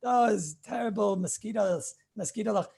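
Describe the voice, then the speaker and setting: A man, a rabbi, giving an informal lecture on Jewish law, telling anecdotes in an animated way, often repeating his phrases and clearing his throat. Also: high-pitched, moderate pace, noisy background.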